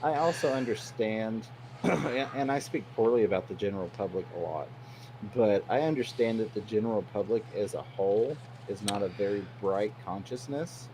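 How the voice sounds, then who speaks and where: A man's voice: on the low side, normal speed, background noise. A man talking as a stream guest, in long-winded, earnest casual chat.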